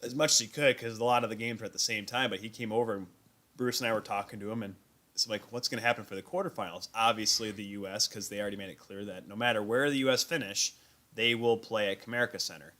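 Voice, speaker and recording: Bright-voiced man telling sports stories. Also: fairly low pitch, fast talker. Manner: animated storytelling, self-deprecating. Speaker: host. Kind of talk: casual sports chat. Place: remote stream call.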